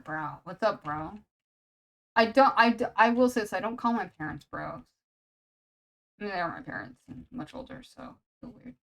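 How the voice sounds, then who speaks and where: A woman on a casual live stream, talking to her viewers while she draws. She rambles from one thought to the next, reacting with quick laughs and over-the-top outbursts. She drops "bro", "dude" and "man" into almost every sentence. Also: on the low side, fairly bright tone, rough recording. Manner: rambling and chatty, says "bro" and "man" constantly. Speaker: streamer drawing commissions.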